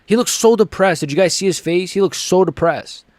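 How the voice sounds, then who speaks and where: A man's voice: sits high, a little fast, a little mellow, no room sound. A man giving live reaction commentary on a fight, rambling and swearing, with his feelings swinging back and forth. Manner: profane, rambling, emotionally swinging.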